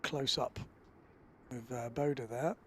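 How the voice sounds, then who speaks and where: A man commentating live on a windsurfing event in a relaxed, chatty way, often filling pauses with "uh". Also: medium pitch, slight background noise.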